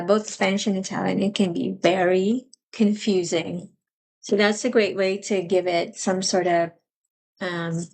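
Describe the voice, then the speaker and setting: A woman teaching a live language lesson, explaining patiently and repeating each phrase slowly. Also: medium pitch.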